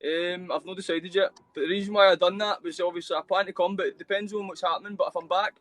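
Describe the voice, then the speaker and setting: A man's voice: high voice, steady tone, quick pace, fairly bright tone, no room sound. A young Glaswegian man in casual chat on a video call, rambling and filling every phrase with mate and bro. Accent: Glaswegian Scottish. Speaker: guest. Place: shared hostel dorm room.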